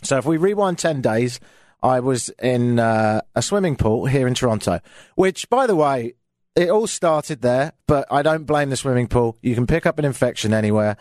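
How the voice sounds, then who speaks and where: A man's voice: mid-range voice, animated, normal speed, a little mellow, no room sound. A man with a British accent hosting a talk radio show, chatting in a casual, self-mocking, grumbling way into a studio microphone.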